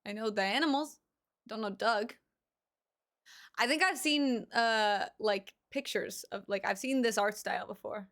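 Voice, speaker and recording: A woman's voice: mid-range voice, a little slow, a bit bright. A woman livestreamer chatting casually with her viewers while reacting to pet videos, rambling with lots of fillers and cooing over the animals.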